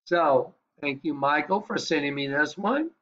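A man's voice: fairly high pitch, expressive, unhurried, pushed and bright, dull audio. A man teaching the Bible in a fervent, conversational way, often asking his listeners if they are ready. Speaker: preacher. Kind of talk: screen-share Bible teaching.

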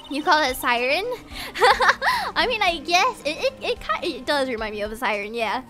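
Young woman streamer from Singapore, giggly and chatty, very high, lively voice over faint music. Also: normal speed. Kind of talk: casual livestream chat.

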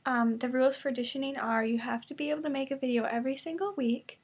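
A woman's voice: high-pitched, steady tone, fast, breathy edge, highs cut off. A woman talking casually to her webcam from her bedroom, rambling with lots of fillers and sometimes dropping to a whisper. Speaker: vlogger in a collab channel.

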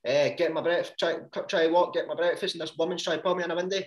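A Scottish man chatting casually, laid-back and joking, with swearing sprinkled through. His voice sits a bit higher than most men's, and the room around him adds a noticeable echo. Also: fairly even intonation, quick pace. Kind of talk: casual chat.

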